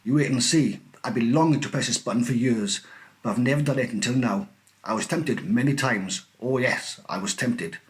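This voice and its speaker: A man voicing a cheerful, eccentric factory owner who talks in brisk, gleeful exclamations. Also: mid-range voice, close to an everyday voice.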